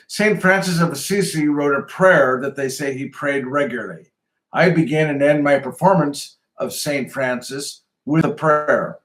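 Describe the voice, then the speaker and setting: A man hosting, giving a calm, measured devotional reflection to the camera. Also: a little high. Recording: roomy echo.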